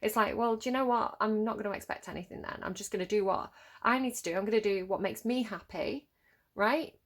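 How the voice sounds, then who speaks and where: A woman's voice: medium pitch, a little fast. A woman in her thirties giving a casual tarot reading, chatty and laughing often, restarting her phrases. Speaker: tarot reader.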